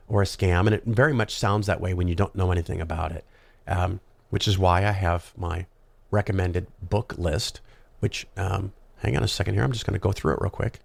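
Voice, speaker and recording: A man hosting a podcast talks alone in a loose, rambling way, full of ums and small asides. His voice sits very low with a gravelly fry running through it. The recording is close and dry, with no room sound. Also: steady tone, moderate pace, no room sound. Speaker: podcast host. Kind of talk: casual solo monologue.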